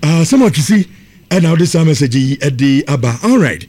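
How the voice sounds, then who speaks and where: A man's voice: on the high side, normal speed, breathy edge. A man with a Ghanaian accent hosting a radio sports show, reading listener messages and telling stories in Twi and English. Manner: lively, reads listener messages. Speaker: radio host.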